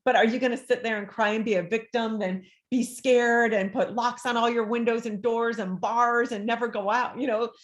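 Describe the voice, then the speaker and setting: A woman's voice: a little high, moderate pace, few pauses. A woman, a life coach talking as an interview guest and acting out the voices she quotes. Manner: animated, acts out quoted voices. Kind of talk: conversational interview.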